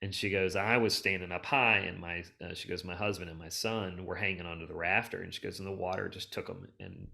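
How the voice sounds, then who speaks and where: A man's voice: deep voice, brisk, creaky, hardly any pauses. A middle-aged man, a hoarding cleanup expert, telling long rambling stories on a casual podcast. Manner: rambling, animated storyteller who restarts and jumps around. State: emotional, close to tears.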